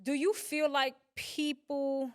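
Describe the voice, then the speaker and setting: A woman's voice: high-pitched, flat delivery, takes it slowly. A woman hosting a casual podcast interview, talking conversationally and affirming her guest often. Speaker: podcast host.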